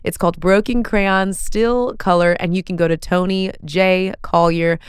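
Earnest woman, low smooth voice. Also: steady tone, normal speed, no room sound, studio quality. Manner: folksy, earnest and emphatic. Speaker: podcast host. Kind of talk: casual podcast talk.

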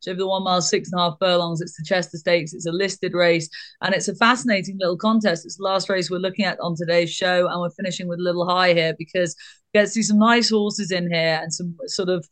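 Brisk woman hosting a racing podcast. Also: fairly low pitch, fairly even intonation. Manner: brisk, joking presenter leading the panel. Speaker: podcast host. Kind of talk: casual racing tips chat.

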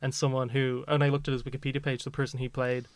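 A man's voice: medium pitch, flat delivery, fast, clean tone, dry recording. A man co-hosting a podcast, talking casually and at length, often breaking into laughter. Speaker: podcast co-host.

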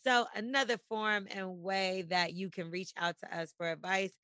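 A podcast co-host with a bright, sharp tone talks bluntly and jokes around, then reads out listener mail. The sound is dry and close to the mic. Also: medium pitch, steady tone, moderate pace, clear, resonant tone, dry recording. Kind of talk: casual chat.

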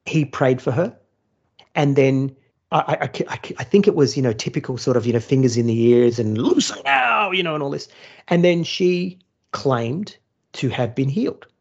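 A man's voice: mid-range voice, normal speed, a little mellow, breathy edge, dull audio. A man, a former churchgoer turned atheist, telling a story in casual podcast chat, blunt and swearing freely.

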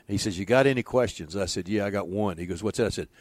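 A man's voice: fairly low pitch, racing, no room sound. Older man telling folksy stories. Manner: folksy, animated storyteller who acts out quoted dialogue. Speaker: former pitching coach, interview guest. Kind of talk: storytelling in a conversational interview.

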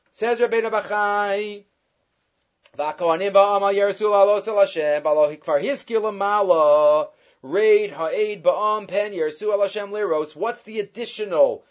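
A man giving a weekly Torah class, quickly reading Hebrew sources and explaining them in English with lively emphasis. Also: sits high, lo-fi sound. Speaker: Torah teacher.

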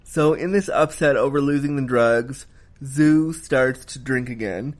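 A man's voice: mid-range voice, measured pace. A man giving a casual spoken film review, emphatic and heated, swearing freely as he rants.

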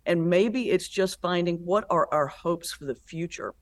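A woman pastor and comedian, a guest in an interview, telling stories in a lively, animated way. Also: lowish voice, unhurried. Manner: animated storyteller, lively retelling with laughs. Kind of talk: conversational interview.

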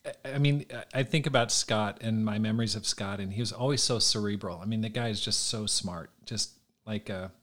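An interviewer at a middle pitch who listens closely and offers warm affirmations. The questions come out in a conversational way, with a few stumbles and restarts as the speaker gathers thoughts. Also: a little fast. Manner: attentive, affirming, hesitant restarts.

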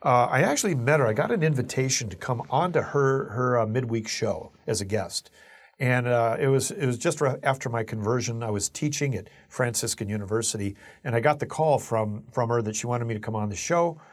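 A man with an everyday mid-range voice tells earnest, reflective stories from his own experience. He speaks as a Catholic teacher recounting memories in a relaxed, conversational way. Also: mid-range voice, brisk. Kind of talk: personal storytelling talk.

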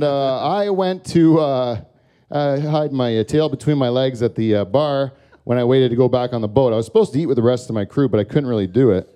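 A man's voice: medium pitch, dark tone. A man hosting a comedy show, telling a story in a profane, ranting monologue with frequent filler words.

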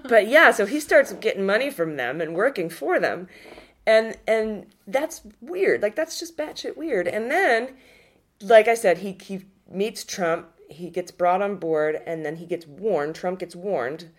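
A woman co-hosting a podcast, talking politics in a casual, animated way, often restarting sentences and swearing. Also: mid-range voice, unhurried. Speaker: podcast co-host.

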